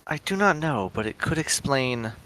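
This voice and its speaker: Bright-voiced man playing a tabletop game. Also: medium pitch, expressive, normal speed. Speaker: player. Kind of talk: casual tabletop role-play.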